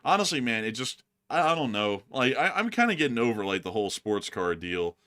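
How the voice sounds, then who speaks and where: Meet a young man hosting a loose chat show, his voice bright and ringing as he rambles from one joke to the next. His pitch swings widely, rising and falling with each quip, and he laughs often along the way. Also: big pitch swings, brisk. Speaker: show host. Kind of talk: casual chat.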